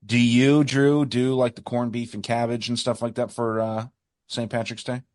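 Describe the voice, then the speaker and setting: A man's voice: medium pitch, flat delivery, normal speed, a little mellow, dry recording, studio quality. An American man co-hosting a podcast, talking in an enthusiastic, rambling way. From United States. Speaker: podcast co-host. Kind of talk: casual podcast chat.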